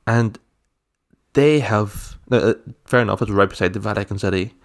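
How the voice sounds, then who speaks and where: A man's voice: lowish voice, moderate pace, vocal fry. A young man co-hosting a podcast, joking and laughing easily in casual chat. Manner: laughs easily, dry asides. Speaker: podcast co-host.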